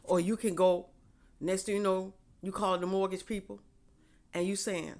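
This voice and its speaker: A woman with a mid-pitched voice speaks straight to her listeners in a relaxed, conversational way. She preaches encouragement about faith and circles back to the same phrases again and again. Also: moderate pace. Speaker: faith vlogger. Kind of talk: casual spoken encouragement.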